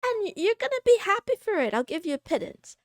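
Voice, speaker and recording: A woman's voice: very high voice, sing-song, fast talker, no room sound, studio quality, pitched above the performer's own voice. A woman putting on a bossy, greedy colonial conqueror who demands tribute in a mocking, domineering way.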